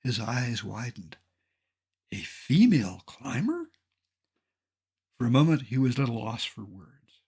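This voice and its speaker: An older man tells his climbing story over a slideshow, his voice gravelly with a husky edge. He keeps a mid-range pitch and reads from a script. His humor is dry and deadpan. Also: normal speed. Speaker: mountaineer narrating a slideshow. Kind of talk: scripted narration.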